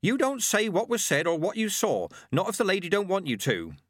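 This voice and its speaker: A man's voice: high-pitched, huge pitch swings, fairly quick, no echo, clean studio sound, voice pushed up, heavily acted. A man voicing a blunt, stubborn old village witch and midwife with folksy, rustic speech. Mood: indignant. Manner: folksy rustic grammar, sharp and feisty.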